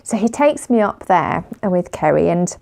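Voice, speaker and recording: A woman's voice: lowish voice, very animated, normal speed, creaky, darkish tone. A woman chatting casually in a vlog, telling a story with lots of laughs and fillers. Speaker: vlogger.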